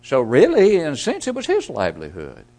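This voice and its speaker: A man preaching a sermon, asking rhetorical questions and swinging from loud emphasis to hushed asides. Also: on the high side, huge pitch swings, brisk.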